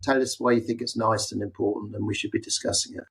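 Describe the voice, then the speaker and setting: A man's voice: on the low side, steady tone, fast, breathy edge, poor audio. A man co-hosting a medical podcast, talking in a wry, meandering way and correcting himself as he goes. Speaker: podcast co-host.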